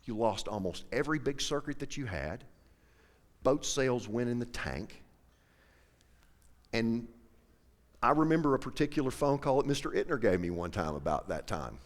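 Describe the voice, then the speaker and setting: A man's voice: mid-range voice, animated, moderate pace, long reverb tail. A middle-aged man telling an emotional personal story to an audience, acting out the dialogue as he goes. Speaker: professional angler.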